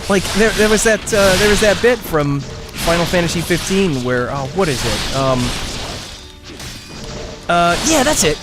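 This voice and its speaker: A man's voice: sits high, expressive, a little slow, pauses often, music in the background. A man streaming a game, rambling and ranting with frequent laughter and restarts. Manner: rambling, ranting, self-interrupting; laughs often, exaggerated complaints. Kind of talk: live gameplay commentary.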